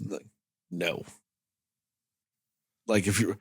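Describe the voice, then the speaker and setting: A man's voice: fairly low pitch, unhurried, long pauses, slightly rough, dry recording, studio quality. A man co-hosting a movie podcast, riffing and swearing in casual late-night chat, sounding tired. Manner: animated, profane, riffing. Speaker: podcast co-host.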